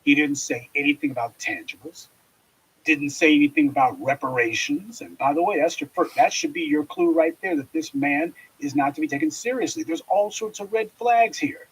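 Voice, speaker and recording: Husky man giving a scornful commentary. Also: a little high, big pitch swings, normal speed, low-quality recording. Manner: forceful, scornful, lecturing. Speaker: political commentator. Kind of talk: commentary monologue.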